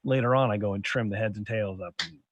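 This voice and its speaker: A man's voice: on the low side, fast, dry recording, muffled recording. A young adult man hosting a podcast, telling stories in a rambling, profane way full of restarts. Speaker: podcast host. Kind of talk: casual chat.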